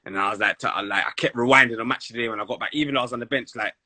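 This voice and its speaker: A young man with a London accent, a former footballer telling stories in a casual sit-down interview, animated and full of street slang. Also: medium pitch, rapid-fire, dry recording.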